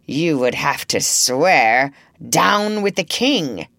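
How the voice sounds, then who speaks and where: A woman voicing a cruel, pompous male pirate captain who roars slow threats in a storybook reading. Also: deep voice, sing-song, gravelly, a bit bright, no echo, studio quality, exaggerated voice. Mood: roaring.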